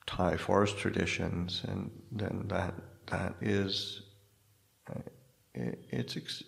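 A man, a Buddhist monk, giving a dharma talk in a halting way, often restarting and searching for words. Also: deep voice, gravelly, a little mellow. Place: hall in a spiritual society.

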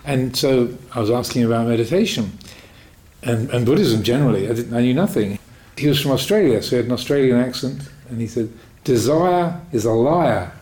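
A Buddhist meditation teacher answers a question during a Dhamma talk, telling stories in a calm, reflective way with light humor at his own expense. His voice sits at medium pitch and he speaks briskly, though the recording is rough.

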